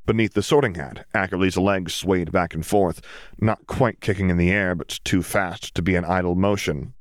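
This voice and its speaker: Male audiobook narrator, very low voice, dry close sound, steady descriptive reading. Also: moderate pace, no echo.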